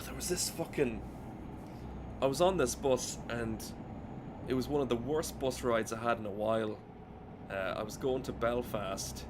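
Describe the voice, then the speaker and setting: A man's voice: mid-range voice, noisy background. An Irish man streaming a driving game at home, ranting in a rambling, profane way. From Ireland. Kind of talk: casual gameplay commentary.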